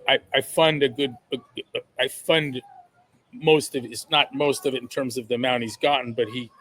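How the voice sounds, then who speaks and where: A man's voice: mid-range voice, fairly bright tone. A man speaking as a podcast guest in a blunt, emphatic way, swearing freely. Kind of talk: conversational interview.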